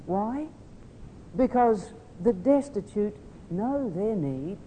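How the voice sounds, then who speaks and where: A man preaching a sermon in an earnest manner, moving between soft tender asides and loud emphatic appeals. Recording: hall reverb with faint rumble.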